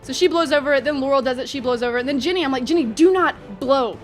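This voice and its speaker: A young woman vlogger telling a story in an animated, chatty way, full of fillers. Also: high-pitched, very fast, soft background music. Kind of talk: storytime vlog.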